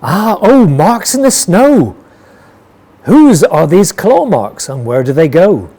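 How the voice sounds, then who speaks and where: A man's voice: on the high side, wildly swooping pitch, measured pace, dark tone, breathy edge, exaggerated voice. A man voicing a brave, curious young monster girl in a storybook reading, eager and wondering.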